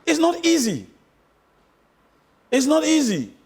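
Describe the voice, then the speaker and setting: A man's voice: very high-pitched, huge pitch swings, slow, a little mellow. A man giving interview answers about politics, emphatic, repeating his points for stress. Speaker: interview guest, former candidate.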